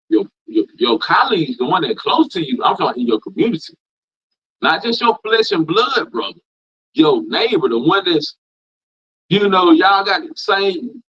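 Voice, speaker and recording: A man's voice: high voice, a bit bright, breathy edge. A man preaching an informal scripture class, reading verses and riffing on them in a folksy, repetitive vernacular. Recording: dull lo-fi sound.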